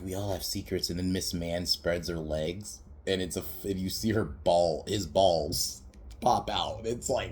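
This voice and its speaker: A man's voice: sits low, darkish tone. A young man hosting a podcast, casually recapping a film in a rambling, profane way, laughing often and slipping into quoted voices. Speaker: podcast host reviewing a film.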